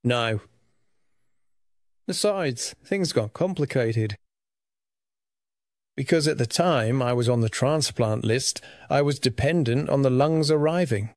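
A man's voice: medium pitch, slow, pauses often, a little mellow, no echo, studio quality. A man earnestly telling his personal faith testimony about receiving a lung transplant, in a reflective storytelling manner.

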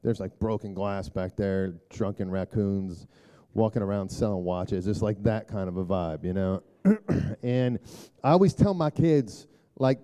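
A middle-aged man speaks to a church group in a rambling, chatty sermon style. His voice sits low and sounds deeply mellow and dark. He leans on filler words and keeps clearing his throat. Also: measured pace. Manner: turns hushed and low for prayer. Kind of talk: storytelling sermon talk.

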